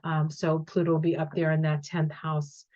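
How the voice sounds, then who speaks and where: A woman's voice: low-pitched, flat delivery, normal speed, dark tone, no room sound, dull audio. A middle-aged woman talking casually through an astrology forecast, thinking aloud with frequent ums and restarts. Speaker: astrology and tarot reader. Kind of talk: casual astrology talk to camera.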